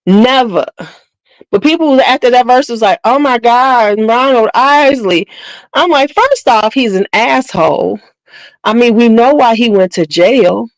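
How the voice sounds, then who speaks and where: A woman's voice: on the high side, lively intonation, measured pace, no echo, low-quality recording. Middle-aged lady gossiping to her viewers, blunt and slangy, dry close sound. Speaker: beauty channel host. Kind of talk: casual chat to viewers.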